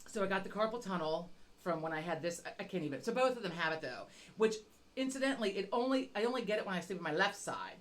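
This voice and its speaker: A woman's voice: mid-range voice, lively intonation, fast. A middle-aged woman on a podcast, telling a rambling, self-mocking story with constant swearing. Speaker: podcast co-host. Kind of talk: casual chat.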